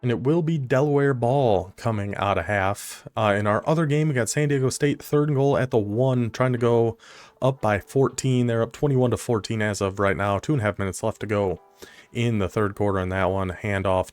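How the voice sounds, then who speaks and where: Excitable man calling a video game. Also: lowish voice, no room sound. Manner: excitable, laughs often, talks to the viewer. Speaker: commentator of an online video game dynasty league. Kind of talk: casual play-by-play game commentary.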